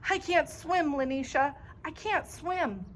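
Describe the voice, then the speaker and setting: A woman voicing a frightened young boy, pleading in a high, slow whine in a storybook reading. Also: lively intonation, fairly bright tone, slight background noise, lightly acted. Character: scared young boy who can't swim.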